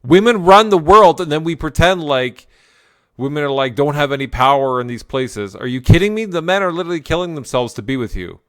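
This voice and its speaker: A man's voice: fairly high pitch, brisk, fairly bright tone, no echo, clean studio sound. A man giving blunt, crude, joking reaction commentary.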